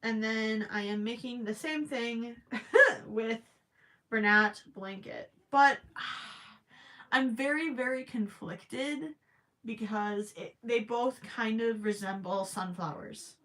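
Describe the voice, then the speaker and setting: A young woman hosts a casual crochet livestream and reads viewer comments aloud as she works. She has a bright, clear voice and a slow, unhurried pace, and she rambles a little with plenty of fillers. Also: fairly high pitch.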